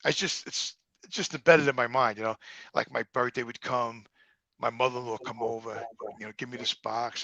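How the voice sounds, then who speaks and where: A middle-aged man with a New Jersey accent, his voice gravelly and bright, telling profane stories in a casual sit-down interview. He acts out every line of quoted dialogue with animation. The sound is dry and close. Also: medium pitch, a little fast, dry recording. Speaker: guest.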